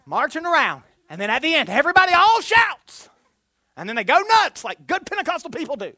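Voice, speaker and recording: Brief: animated preacher leading a sermon, dry close sound. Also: sits high, fast, no room sound. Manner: animated, exclamatory, call-and-response with the congregation. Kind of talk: Pentecostal sermon.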